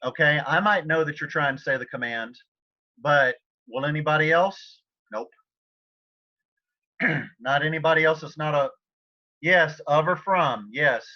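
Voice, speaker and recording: A man with a fairly high voice teaches a live online language class in a loose, chatty way. He keeps stopping to clear his throat. The sound is dull and lo-fi, like computer audio from a video call. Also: measured pace, pauses often. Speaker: Spanish teacher.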